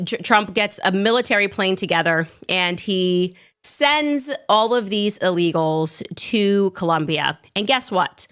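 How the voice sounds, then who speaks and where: A woman hosting a casual commentary show, talking in a sarcastic, animated way and laughing as she talks. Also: mid-range voice.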